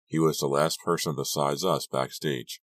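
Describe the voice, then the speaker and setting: A man with an extremely deep voice reads a first-person teen horror story. His delivery is steady and measured. The mic is close and the room is dead dry. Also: no room sound. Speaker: audiobook reader. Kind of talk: scripted first-person narration.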